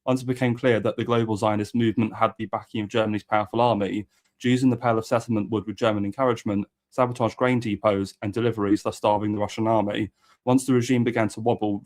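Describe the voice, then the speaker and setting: A man's voice: on the low side, flat delivery, quick pace, darkish tone. A man reading a history book aloud as host and adding occasional asides.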